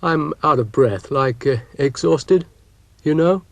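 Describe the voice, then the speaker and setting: A man voicing a sleepy, laid-back male hippie rabbit with a mellow drawl. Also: on the low side, fairly even intonation, moderate pace, no room sound, close to an everyday voice. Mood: weary.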